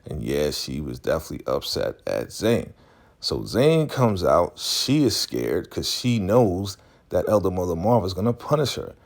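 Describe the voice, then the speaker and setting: A man's voice: low voice, sing-song, normal speed, creaky. A man chatting casually as he recaps a TV episode in a laid-back, slangy manner. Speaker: TV recap vlogger.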